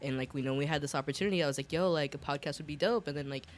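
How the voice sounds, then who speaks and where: A podcast co-host talking in a slangy, affectionate way, full of fillers and laughter. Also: male voice, a little high, very fast, slight background noise. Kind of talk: emotional casual chat.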